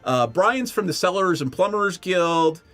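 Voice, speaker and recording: A man voicing a gruff, burly male dwarf stonemason who talks in an earnest, blustering way. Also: sits high, expressive, unhurried, a bit bright, soft background music, pitched above the performer's own voice, heavily acted.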